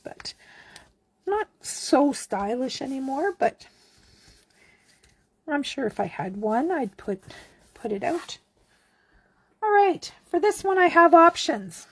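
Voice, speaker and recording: A woman from Canada giving a relaxed, chatty card-making tutorial, talking as she works. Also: high voice, slow pace, long pauses, dry recording. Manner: chatty, relaxed, talks while working. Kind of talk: casual craft tutorial.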